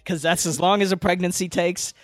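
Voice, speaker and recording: A man co-hosting a casual podcast, tossing out deadpan jokes. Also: high-pitched, brisk, no room sound. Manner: joking, deadpan quips. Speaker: podcast co-host.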